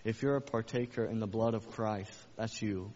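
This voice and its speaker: A man's voice: on the low side, moderate pace, darkish tone. A man preaching a sermon as a pastor, emphatic, with repeated phrases and rhetorical questions. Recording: echoey hall, dull lo-fi sound.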